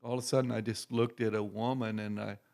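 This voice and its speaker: A man, a guest minister, telling church stories in a relaxed chat, with many pauses and fillers, growing louder as he gets into a story. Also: lowish voice. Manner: unhurried, gravelly, many fillers, grows loud and excited telling stories.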